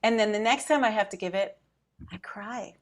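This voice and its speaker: A woman's voice: mid-range voice, moderate pace, slight background noise. A middle-aged woman telling a personal story in a casual chat, acting out her own thoughts and choking up at times. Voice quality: emotional, close to tears at times. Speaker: podcast co-host.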